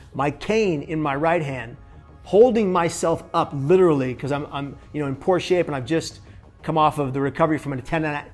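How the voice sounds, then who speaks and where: A man with a slightly high voice tells a personal story straight to camera. He is animated and jumps into the voices of the people he quotes. Faint music plays underneath. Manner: animated, acts out other people's lines in the story. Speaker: suicide prevention speaker.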